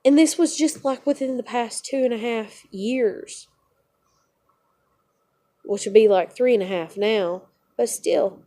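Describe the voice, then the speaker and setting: A woman's voice: medium pitch, animated, unhurried, mellow. A young woman venting in a personal vlog, cursing freely and telling a painful family story in a raw, emotional way. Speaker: vlogger.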